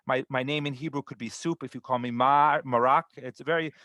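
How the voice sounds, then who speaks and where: Halting man hosting a video call. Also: mid-range voice, fairly even intonation, bright, forceful tone, no room sound. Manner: halting, many restarts and fillers. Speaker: host.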